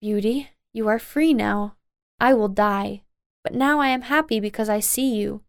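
A woman voicing a kind, sick male Beast in a storybook read-aloud, speaking softly and quietly. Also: mid-range voice, measured pace, smooth, no echo, clean studio sound, natural voice. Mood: weak. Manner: soft and quiet.

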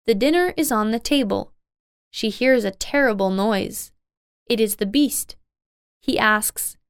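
Slow, crisp woman reading a fairy tale. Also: mid-range voice, no room sound, clean studio sound. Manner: slow, plain, simple sentences. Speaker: narrator. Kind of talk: scripted narration of an easy-English fairy tale.

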